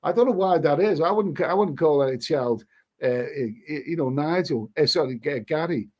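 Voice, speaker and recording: A middle-aged man chats casually on a live stream, reacting to viewer comments. His voice sits a little high for a man. He rambles, repeats words and often restarts his sentences. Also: moderate pace, muffled recording.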